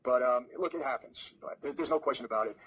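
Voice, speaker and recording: Man, husky, rapid, candid interview guest who stumbles and confides. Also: medium pitch, a bit bright, rough recording. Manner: hesitant, restarting, confiding.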